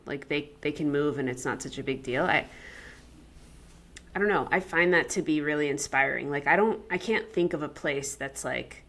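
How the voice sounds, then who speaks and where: A woman co-hosts a podcast in casual conversation, her voice on the low side with a fairly bright tone. She rambles along with many fillers, using "like" heavily.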